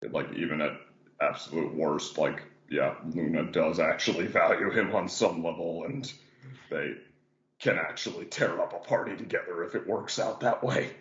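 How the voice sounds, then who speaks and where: A man's voice: low voice, normal speed, a bit bright, echoey room, dull audio. A man hosting a casual podcast about animation, rambling with lots of fillers. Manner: rambling, many "like" and "yeah" fillers. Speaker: podcast host.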